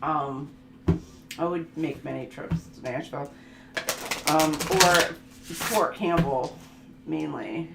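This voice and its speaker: A woman's voice: low voice, slow pace, vocal fry, pauses often, loud music behind the voice. A woman tarot reader in casual chat, laughing often and telling stories with animation. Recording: echoey room.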